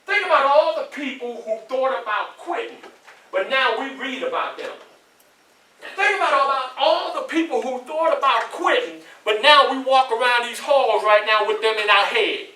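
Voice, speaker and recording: A man with a Southern US accent giving a motivational speech to students in a college hall, preachy and animated, often asking the crowd questions. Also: very high-pitched, normal speed. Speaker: motivational speaker. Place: large echoey college hall. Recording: echoey hall, voice from far off.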